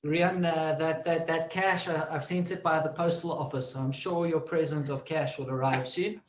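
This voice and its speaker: A man hosting a live-streamed teacher event, friendly and a little halting as he wraps up the session. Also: on the high side, steady tone, echoey room, low-quality recording. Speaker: event host.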